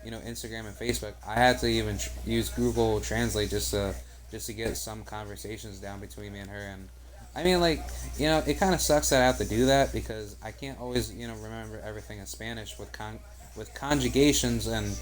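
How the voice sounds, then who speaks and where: A man's voice: on the low side, a little fast. A young man streaming a basketball video game, talking casually with many fillers and swearing. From United States. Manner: rambling, profane, heavy on "like" and "you know". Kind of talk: live gameplay commentary and casual chat.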